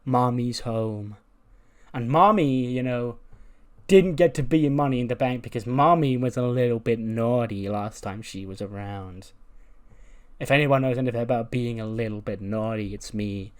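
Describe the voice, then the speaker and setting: A man's voice: mid-range voice, moderate pace, lightly acted. A man voicing a brash, menacing female wrestler who taunts her rival in swaggering trash talk. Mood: taunting.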